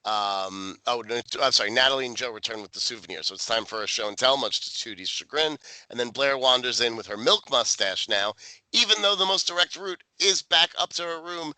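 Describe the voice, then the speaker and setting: A man co-hosts a casual podcast, walking through a sitcom episode with crude jokes and quick impressions of the characters. His voice is bright and forceful, in a mid-range pitch. The sound is close and dry, with no room echo. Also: clear, resonant tone. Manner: profane, jokey, acts out characters' lines. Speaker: podcast co-host. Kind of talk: casual recap chat.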